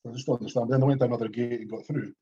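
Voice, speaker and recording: A man's voice: mid-range voice, steady tone, very fast, dark tone, breathy edge, dull audio. A Scottish man co-hosting a podcast, chatting casually in a blunt, sweary, dismissive way. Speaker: podcast co-host. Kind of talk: casual chat.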